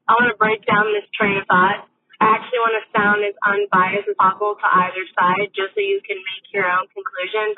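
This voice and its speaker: A woman hosting her own show, telling stories in a candid, rambling casual monologue. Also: mid-range voice. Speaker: podcast host. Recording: tinny phone-like audio.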